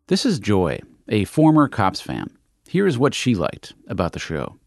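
A man with a lowish voice narrates a reported story, his pitch rising and falling freely. He reads his script in a measured way and leans on key words to make a point. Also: wildly swooping pitch, vocal fry, no room sound, studio quality, soft background music. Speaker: podcast host and reporter.

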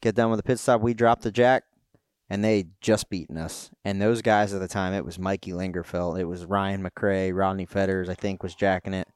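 A middle-aged man, co-host of a podcast, recounting a pit crew story in a relaxed, plainspoken way. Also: low-pitched, moderate pace, clear, resonant tone, dry recording, studio quality. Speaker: podcast co-host, former tire changer. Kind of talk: casual storytelling chat.

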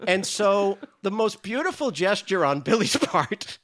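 A middle-aged man from Rhode Island with a high voice that swings widely as he tells stories. He is a guest in casual chat and acts out each person in his anecdotes, breaking into laughter as he goes. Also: very animated, unhurried, fairly bright tone. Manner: laughs often while telling stories. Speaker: podcast guest. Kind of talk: casual storytelling.

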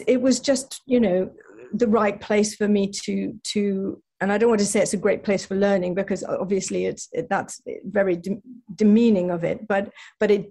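English woman guest, husky tone, self-deprecating, halting delivery. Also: mid-range voice, mellow. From England. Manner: self-deprecating, many restarts and laughs. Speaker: actress guest. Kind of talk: casual interview chat.

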